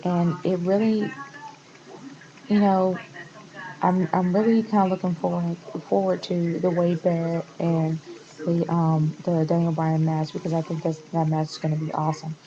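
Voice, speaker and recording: A woman's voice: lowish voice, level tone, normal speed, warm tone, highs cut off. A woman vlogger giving a passionate, exasperated rant in a casual rambling style, often restarting her sentences. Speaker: wrestling vlogger. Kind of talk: casual opinion rant to camera.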